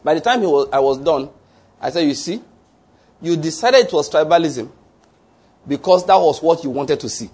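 A man with a somewhat high, husky voice preaches a sermon. He reads scripture and then unpacks it in a measured, teaching way, often pausing to ask "all right?". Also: lively intonation, darkish tone.

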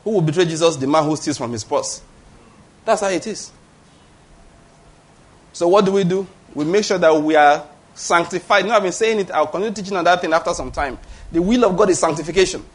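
A man's voice: high voice, fairly quick, pauses often. A middle-aged man with a Nigerian accent preaching a sermon, emphatic and conversational, often checking in with his congregation. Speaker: pastor.

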